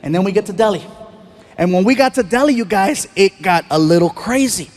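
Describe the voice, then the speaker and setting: A man doing a stand-up comedy routine on stage, telling stories in an animated way with loud bursts. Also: sits high, brisk. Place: stage before a live audience.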